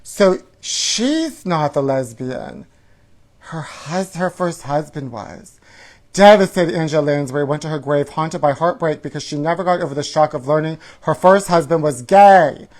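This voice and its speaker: A man's voice: on the high side, animated, moderate pace, a little mellow. Sassy gossiping man reading tabloids. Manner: sassy, gossipy, calls the listener honey. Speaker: comedy show host. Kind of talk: campy comedic reading of tabloid headlines.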